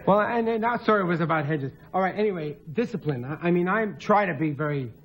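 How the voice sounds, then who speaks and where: A man telling rambling, excitable comic stories as a talk show guest, laughing often. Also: high voice, quick pace, slight background noise.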